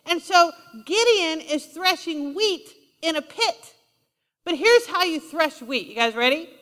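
High, bright-voiced woman preaching. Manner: conversational, emphatic, asks the audience questions. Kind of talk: sermon. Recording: long hall reverb.

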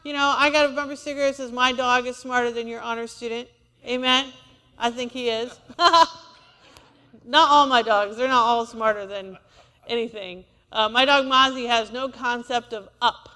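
A woman's voice: a little high, normal speed, bright, forceful tone, clear, resonant tone, in a large hall. A woman preacher, delivering a sermon in a church and asking the congregation for amens. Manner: call-and-response preaching, asks for amens.

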